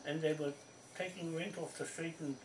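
A man's voice: fairly high pitch, fairly even intonation, moderate pace, very noisy. A man speaking to camera in a rambling, accusing monologue, stressing his points and repeating himself. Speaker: land claimant addressing viewers. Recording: roomy echo from a distant mic.

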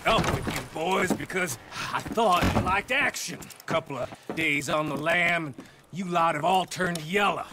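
A man's voice: fairly high pitch, a little slow, close to an everyday voice. Micah, a man playing a sneering outlaw. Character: sneering male outlaw gang member. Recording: game audio with loud noise.

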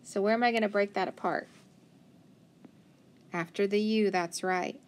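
A woman's voice: mid-range voice, steady tone. A woman teaching a children's phonics lesson, patiently sounding out syllables and praising answers. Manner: slow, patient, sounding words out. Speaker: reading teacher.

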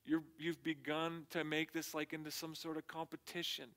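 A pastor preaches in an easygoing, conversational way, tossing in slang as he goes. His speaking voice sits a little higher than most men's. It sounds like a laid-back sermon to a small congregation. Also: little pitch movement, moderate pace, fairly bright tone.

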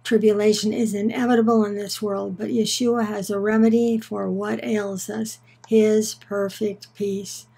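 A woman giving a scripted Bible lesson in a measured, earnest way, slowing down on key words for emphasis. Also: mid-range voice, level tone, creaky, warm tone, husky, low-quality recording. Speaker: Bible teacher. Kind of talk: scripted teaching narration.

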